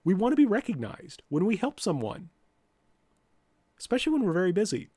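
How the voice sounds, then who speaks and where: A man's voice: high voice, a little fast, slightly rough, dry recording, studio quality. Blunt, direct male professor. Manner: blunt, direct, with lively mock-quotes. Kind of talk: lecture to students.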